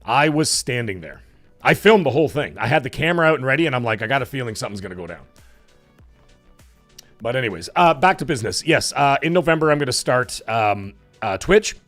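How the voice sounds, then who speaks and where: A man with a hoarse, cracking voice hosting a live stream, chatting casually and rambling with fillers as he thanks viewers. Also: mid-range voice, animated, fast talker, a bit bright, soft background music. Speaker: livestream show host.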